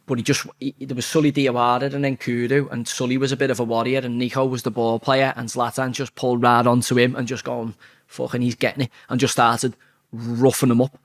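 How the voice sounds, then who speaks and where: A man telling a blunt, sweary story as an interview guest, talking fast and animated. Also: mid-range voice. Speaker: interview guest, former footballer.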